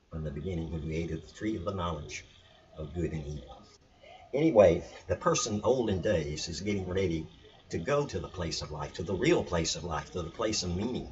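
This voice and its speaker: Deep-voiced man giving an earnest spiritual lesson. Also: distant mic. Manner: earnest, repetitive, emphatic. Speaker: video teacher on scripture. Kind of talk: spiritual teaching talk. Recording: dull lo-fi sound, mic set back.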